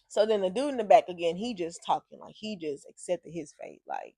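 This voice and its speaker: A woman vlogger telling a story casually, with animated, profanity-heavy, exasperated delivery. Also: on the low side, normal speed, no room sound.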